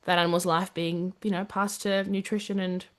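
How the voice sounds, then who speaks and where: A woman's voice: lowish voice, level tone, fairly quick. A young woman from Australia with an Australian accent, telling stories as a podcast guest and laughing often. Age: young adult. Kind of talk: casual storytelling interview. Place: podcast studio in London.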